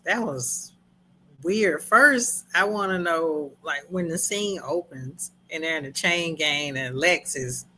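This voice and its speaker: A woman co-hosting a casual movie review chat, animated and laughing often as she acts out scenes in quoted voices. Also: low-pitched, takes it slowly, slight background noise, low-quality recording.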